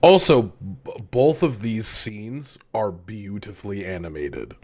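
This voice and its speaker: A man chatting on a podcast, excitable and joking, swearing freely as he reacts to an anime. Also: fairly low pitch, measured pace. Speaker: podcast co-host. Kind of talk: casual podcast chat.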